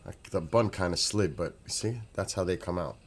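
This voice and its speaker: A man's voice: deep voice, normal speed. A man vlogging at home, chatting casually and enthusiastically, rambling and repeating himself. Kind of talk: casual chat.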